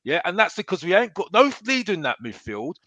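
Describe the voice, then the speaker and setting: A man's voice: sits high, sing-song, a little fast, pushed and bright, no room sound. A man hosting a live football fan chat, ranting heatedly and stumbling over restarts as he vents. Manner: fired-up ranting with many restarts. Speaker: host.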